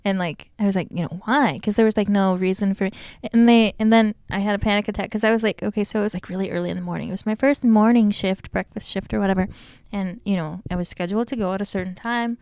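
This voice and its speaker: A woman's voice: medium pitch, steady tone, fast talker, darkish tone, no room sound. A woman hosting a casual interview podcast, telling stories animatedly, laughing often and swearing freely. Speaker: podcast host.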